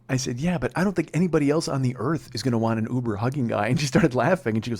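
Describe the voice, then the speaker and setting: A man in his forties hosting a comedy podcast, telling a story in an excitable, profane way and laughing at himself. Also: medium pitch, very fast, few pauses. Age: 40s.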